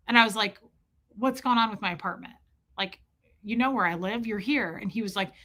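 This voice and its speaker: A woman's voice: a little high, quick pace, bright, forceful tone. A woman, telling a personal story to her viewers in a chatty, emotional way, full of "like". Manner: chatty, heavy use of "like", emotional. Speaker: vlogger.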